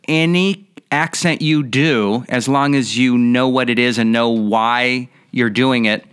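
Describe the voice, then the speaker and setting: Smooth-voiced man, podcast chat. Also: medium pitch, takes it slowly, a bit bright. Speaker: podcast co-host and voice actor.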